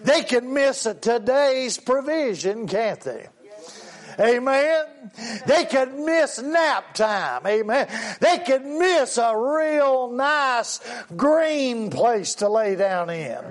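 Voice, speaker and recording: High-voiced, slow preaching man. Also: expressive. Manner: drawn-out preaching cadence with frequent amens. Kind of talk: sermon.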